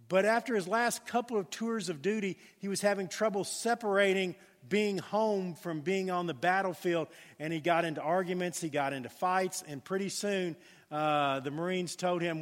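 Male pastor, sermon delivery, slightly high voice, storytelling style, long hall reverb. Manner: storytelling, animated then hushed for prayer.

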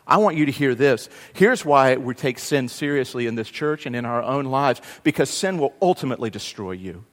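A man's voice: medium pitch, animated, normal speed. Man preaching in a reverberant hall. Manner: dynamic preaching, swinging from loud to hushed; conversational with self-deprecating humor. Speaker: pastor. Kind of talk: sermon. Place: church sanctuary.

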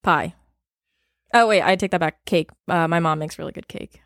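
A woman's voice: fairly low pitch, normal speed, no room sound, studio quality. A young woman in her twenties, a restaurant server guesting on a podcast, talking casually and laughing easily.

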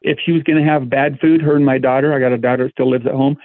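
A man's voice: mid-range voice, fairly even intonation, very fast, dry recording. A middle-aged man speaking as a guest in a casual interview, earnest and given to restarting his words. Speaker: volunteer guest. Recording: tinny phone-like line.

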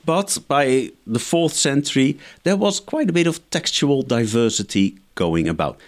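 A man's voice: mid-range voice, lively intonation, unhurried. A man, a scholar guest in an interview, giving methodical explanatory answers point by point. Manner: lecturing, methodical, enumerates points.

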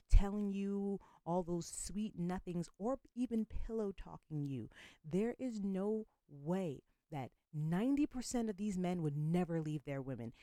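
Casual: blunt foul-mouthed woman in her 40s, storytime rant, low mellow voice. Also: dry recording. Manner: blunt, profane, candid. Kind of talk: storytime vlog monologue.

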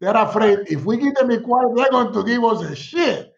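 High-voiced middle-aged man telling stories. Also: brisk, vocal fry, muffled recording. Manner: animated storyteller, laughs often, acts out quotes. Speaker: sociology professor, guest. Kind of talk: casual conversation, storytelling.

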